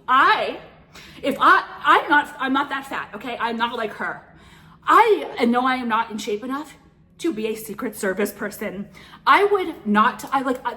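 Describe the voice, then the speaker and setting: A woman vlogging a casual rant to camera, profane and rambling, full of "like" and "okay", swinging between loud mocking outbursts and muttered asides. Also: high-pitched.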